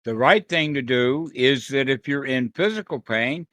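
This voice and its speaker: A man's voice: medium pitch, animated, moderate pace, a bit bright, dry recording. A man teaching meditation on a group video call, playful and acting out little quoted voices. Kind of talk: dharma talk on a group call.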